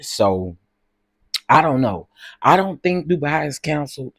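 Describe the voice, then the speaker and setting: A man's voice: fairly high pitch, sing-song, unhurried, vocal fry, a bit bright, dry recording, studio quality. A man hosting a livestream, chatting casually and gossiping as he reads out comments. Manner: chatty, gossipy, says "y'all" and "girl". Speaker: livestream host. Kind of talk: casual chat reading comments.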